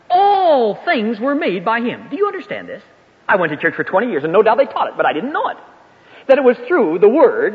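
An older man preaching a sermon in a folksy, emphatic way, his voice swinging up and down. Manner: animated, swooping pitch, folksy and emphatic. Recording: echoey hall, dull lo-fi sound.

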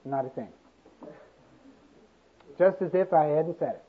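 A man with a high-pitched voice preaches in an unhurried, deliberate cadence, leaning on repeated phrases for emphasis. The sound is thin and tinny, like an old sermon tape. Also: breathy edge.

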